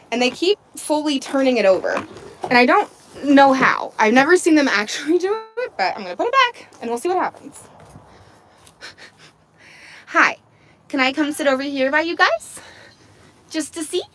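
A goat-farm livestream host speaks in a high, slightly bright, sing-song voice, unhurried and full of pauses. Outdoors with her goats, she talks into a phone on a selfie stick, baby-talking to the animals and laughing often.

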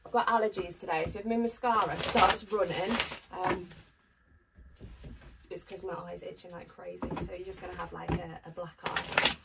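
A woman's voice: fairly low pitch, fairly even intonation, normal speed, gravelly. A woman chatting casually to camera as a tarot reader, upbeat with frequent ums. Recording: distant mic with faint noise.

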